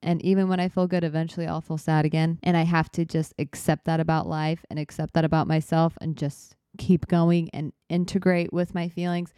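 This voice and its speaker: A woman's voice: low-pitched, little pitch movement, fairly quick, hardly any pauses, mellow, clear, resonant tone, no room sound, clean studio sound. Candid rambling young woman podcaster. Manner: rambling, candid, self-reflective. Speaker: podcast host. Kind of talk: casual solo podcast talk.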